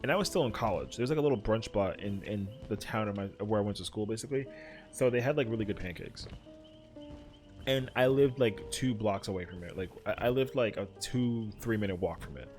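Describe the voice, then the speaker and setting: Young male streamer, fairly low voice, loose rambling chat packed with fillers, faint music behind. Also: a little fast, a little mellow. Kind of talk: casual chat while gaming.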